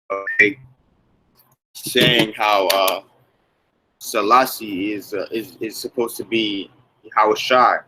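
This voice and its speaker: A man talks through a casual religious commentary and keeps peppering his lines with "man" and "okay". His voice is bright and forceful. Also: on the low side, poor audio.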